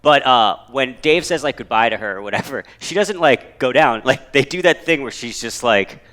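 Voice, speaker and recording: A man's voice: mid-range voice, animated, normal speed, a bit bright. A man co-hosting a casual movie review podcast, rambling and correcting himself as he talks. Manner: rambling, self-correcting, laughs easily. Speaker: podcast co-host.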